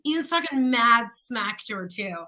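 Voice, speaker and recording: Female radio co-host, high and very bright voice, quick banter. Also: lively intonation. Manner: quick reactions, laughs often. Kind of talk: casual on-air banter.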